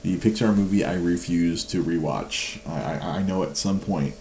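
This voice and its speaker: A man's voice: low voice, moderate pace, a little mellow, roomy sound, slight background noise. A man in his forties chatting casually at home at night, laughing a lot and mocking himself. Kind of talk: casual chat.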